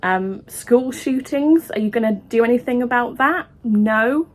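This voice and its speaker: A woman speaking her opinion in a vlog, emotional and impassioned, halting with frequent restarts and ums. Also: fairly high pitch, animated. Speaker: vlogger.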